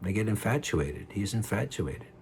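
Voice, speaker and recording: Man, husky voice, lowish pitch, heated rambling monologue, repeats himself, swears. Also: big pitch swings, normal speed. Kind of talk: personal storytelling monologue.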